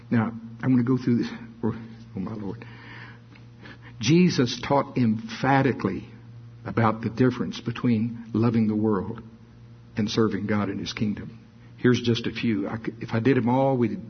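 A man preaching a sermon, reading scripture slowly and adding playful asides. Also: mid-range voice, husky. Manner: reads scripture slowly, adds asides with laughs. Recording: dull lo-fi sermon recording.

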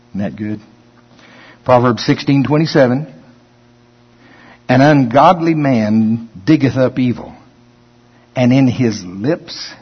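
A man pastor preaching a sermon in a church, reading scripture slowly and then commenting on it in a folksy, conversational way. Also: mid-range voice, slightly rough. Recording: long hall reverb, dull lo-fi sound.

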